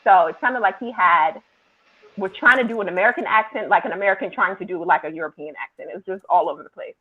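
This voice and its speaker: A woman's voice: mid-range voice, fast talker. A woman co-hosting a casual review chat, chatty and full of fillers. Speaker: podcast co-host. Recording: tinny phone-like line.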